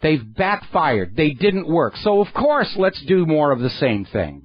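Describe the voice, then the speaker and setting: A man's voice: a little high, sing-song, unhurried, hardly any pauses, dry recording. A man hosting a radio talk show, delivering a sarcastic, indignant political monologue into a studio microphone. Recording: dry, slightly dull radio studio sound.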